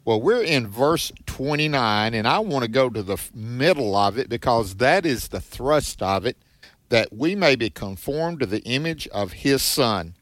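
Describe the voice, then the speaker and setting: Southern male Bible co-host, measured and deliberate, mid pitch, dry close recording. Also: animated, a bit bright, no echo. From American South. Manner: measured, reads scripture slowly and deliberately. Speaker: co-host of a Bible teaching program. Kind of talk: conversational Bible teaching.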